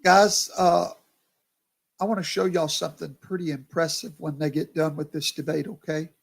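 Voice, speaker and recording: Man, tired pastor, slightly high voice, casual live chat. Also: level tone, moderate pace, vocal fry. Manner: chatty, talks to viewers by name. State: tired, yawning. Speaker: pastor hosting a livestream.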